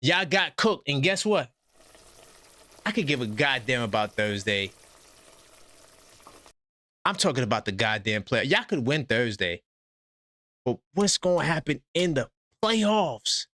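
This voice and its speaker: A man's voice: medium pitch, big pitch swings, measured pace, long pauses, pushed and bright. A man hosting a live sports call-in stream, ranting and mocking rivals in a brash, trash-talking way. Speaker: sports talk stream host.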